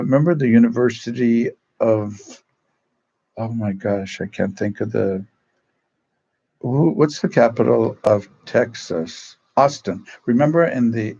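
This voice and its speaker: An older man, a priest, telling stories in a casual, rambling way, often pausing to search for names and acting out the voices of people he quotes. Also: fairly low pitch, vocal fry, a little mellow, highs cut off. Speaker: Salesian priest. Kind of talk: casual storytelling.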